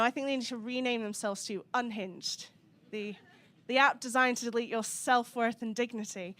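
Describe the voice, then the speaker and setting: A young woman from the Scottish Highlands with a soft Highland accent, performing a dry, sweary stand-up comedy set on a club stage. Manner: dry, sweary, sardonic delivery.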